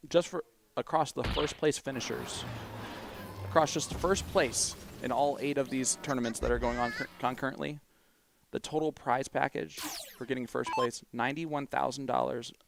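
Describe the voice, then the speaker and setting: A man's voice: medium pitch, steady tone, moderate pace, creaky, noisy background. A man commentating live darts, chatty and explanatory as he runs through the figures.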